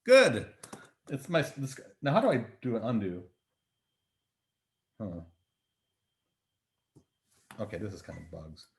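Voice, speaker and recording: A man's voice: lowish voice, wildly swooping pitch, slow, gravelly, pauses often, a little hiss or hum. A man giving a university lecture over a video call, chatty and thinking aloud with many fillers and restarts. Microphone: computer mic on video call.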